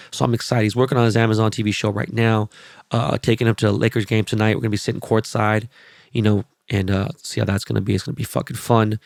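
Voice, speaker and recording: A man hosting his podcast, rambling through sports and celebrity stories with constant swearing and animated asides. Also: fairly low pitch, vocal fry, no room sound, clean studio sound. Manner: profane, rambling, animated storytelling. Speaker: podcast host. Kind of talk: casual podcast monologue.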